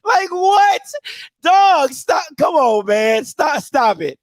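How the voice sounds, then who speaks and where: High, loud man ranting in disbelief. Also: sing-song, drawn-out words, no echo. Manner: loud, laughing, incredulous ranting. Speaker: show host reacting to a clip. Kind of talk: live reaction commentary.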